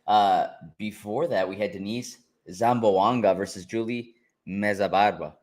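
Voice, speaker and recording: A man co-hosting a casual fight reaction show, relaxed and often laughing as he walks through the action. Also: fairly low pitch. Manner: relaxed, laughing, drawn-out play-by-play. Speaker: co-host.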